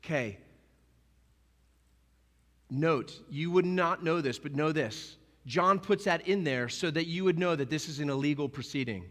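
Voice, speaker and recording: Animated, bright-voiced pastor preaching. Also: male voice, a little high, measured pace, in a large hall. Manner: animated, emphatic, acts out scenes. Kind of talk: sermon. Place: church sanctuary.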